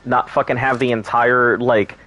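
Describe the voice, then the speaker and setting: A man's voice: medium pitch, steady tone, moderate pace, bright, forceful tone. A man streaming a survival game, chatting in a rambling, crude, joking way. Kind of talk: casual gameplay commentary.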